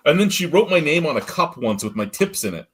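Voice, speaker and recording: A man's voice: fairly high pitch, big pitch swings, fairly quick, fairly bright tone, husky. A man hosting a casual podcast chat, telling profane, laughing stories about old coworkers. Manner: storytelling with profane, laughing asides. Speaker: podcast host.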